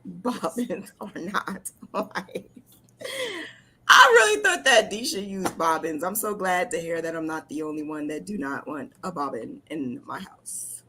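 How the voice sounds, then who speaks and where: A woman's voice: lowish voice, sing-song, unhurried, pushed and bright, a little hiss or hum. A woman with a New Jersey accent hosting a casual chat on a video call, emphatic and laughing often. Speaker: host.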